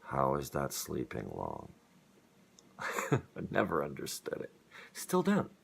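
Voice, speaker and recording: A man's voice: extremely low pitch, very animated, slow pace, creaky, a bit bright, breathy edge. A young man talking earnestly and rambling in a personal vlog about living with his illness. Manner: rambling, earnest, with self-deprecating laughs. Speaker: vlogger. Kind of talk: rambling personal talk to camera.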